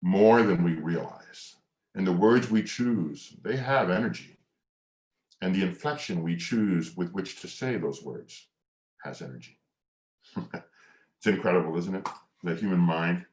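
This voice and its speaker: A man's voice: low voice, reverberant. A middle-aged man presenting a motivational masterclass, talking earnestly and reflectively about mindset. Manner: earnest, slow and reflective, drops to near whisper on mantras; leads hand exercises with lively coaching cues. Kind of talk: motivational teaching talk.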